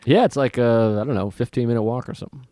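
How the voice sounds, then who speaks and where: A man's voice: mid-range voice, fast, dark tone, no echo, clean studio sound. A man in casual podcast banter, crude and swearing, joking freely.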